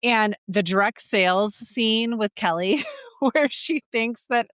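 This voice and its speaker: A woman's voice: fairly high pitch, slow, dry recording, studio quality. Chatty woman podcast co-host. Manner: animated, laughs often, acts out quotes from scenes. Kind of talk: casual movie review chat.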